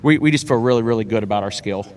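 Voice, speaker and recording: A high school football head coach, interviewed about sports, races through his earnest answers. He frequently repeats himself and starts over with fillers.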